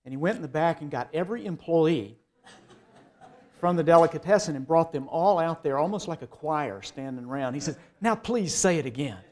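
A man's voice: on the high side, fairly quick, darkish tone. A man with a Southern US accent, from North Carolina, giving a keynote speech. He tells self-deprecating, humorous stories in a folksy way. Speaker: keynote speaker.

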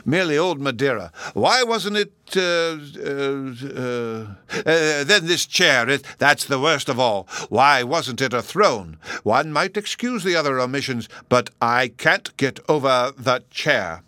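A man's voice: mid-range voice, lively intonation, measured pace, hardly any pauses, sharp tone, no echo, studio quality, voice pushed up. A man voicing a pompous, sulky emperor who grumbles and stammers indignantly. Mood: indignant grumbling. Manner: sulky, complaining, stammering with rage.

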